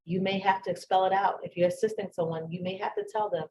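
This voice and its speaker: A woman's voice: medium pitch, steady tone, fast, few pauses, mellow, a little hiss or hum, poor audio. A woman giving a plain, instructive workplace training talk that repeats its key points. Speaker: staff trainer.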